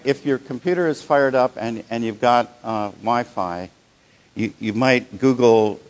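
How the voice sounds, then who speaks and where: Low-voiced man giving a halting workshop talk. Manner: halting, many restarts and fillers; conversational, checks in with the audience. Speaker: workshop presenter.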